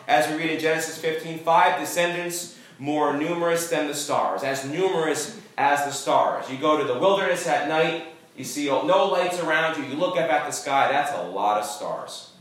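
A man's voice: fairly high pitch, normal speed, fairly bright tone. A man preaching a sermon as pastor, emphatic, with call-and-response to the congregation. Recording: echoey church room, distant mic.

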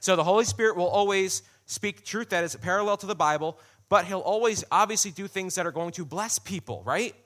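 Brief: male pastor, fairly high voice, casual direct sermon style. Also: a little fast, few pauses, a bit bright. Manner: conversational, addresses the congregation directly.

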